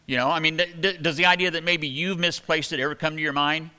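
A man preaching a sermon in a relaxed, conversational way, with plenty of fillers. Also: fairly high pitch, quick pace, smooth. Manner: conversational, folksy, many fillers. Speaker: pastor. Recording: long hall reverb.

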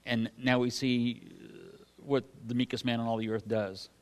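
A man giving a relaxed, conversational sermon in an average-pitched voice. He reads a passage and then talks it through in a folksy, halting way, full of fillers and restarts. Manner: reads scripture aloud then comments on it. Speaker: pastor. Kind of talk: conversational Bible teaching.

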